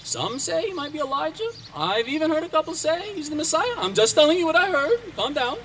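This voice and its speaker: Figure: a gossipy male leper voiced by a preacher. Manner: chatty and conspiratorial. Pitch: raised and high. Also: big pitch swings, fairly quick, a bit bright, far from the mic, a little hiss or hum, heavily acted. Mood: defensive.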